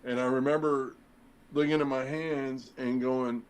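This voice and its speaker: A man's voice: medium pitch, steady tone, measured pace, smooth, low-quality recording. Rambling middle-aged man telling a story. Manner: rambling, acts out quoted dialogue, many fillers. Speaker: podcast guest, former firefighter. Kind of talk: casual storytelling interview.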